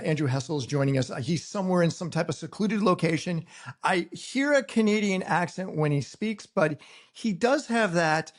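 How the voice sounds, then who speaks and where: Eager male interview host. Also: high-pitched. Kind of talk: conversational interview.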